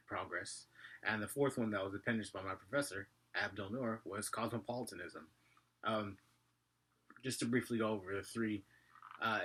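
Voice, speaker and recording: A man with a slight Asian accent talks straight to camera in a loose, rambling vlog monologue. He runs quickly through his thoughts and keeps stopping to correct himself. His voice is bright and a little husky, and his pitch sits on the low side. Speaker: vlogger.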